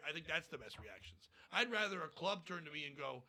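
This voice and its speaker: A man's voice: fairly high pitch, animated, fast, sharp tone. A man, a stand-up comedian, talking bluntly and profanely in a casual podcast interview.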